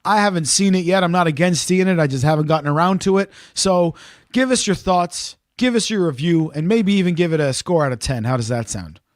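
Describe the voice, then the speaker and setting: A man's voice: high voice, lively intonation, brisk, no echo, studio quality. A man co-hosting a podcast, chatty and playful, leading the talk. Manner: chatty, playful, leads the conversation. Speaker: podcast co-host. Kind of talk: casual podcast chat.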